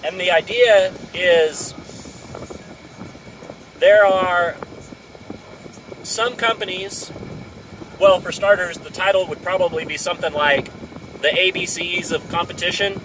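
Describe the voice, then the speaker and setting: Guy thinking out loud, kinda high voice, mic far off, engine noise in the back. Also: steady tone, slow pace, long pauses. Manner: thinks aloud, loose and searching, with frequent restarts. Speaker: speaker sharing a business idea. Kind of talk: casual thinking-aloud monologue.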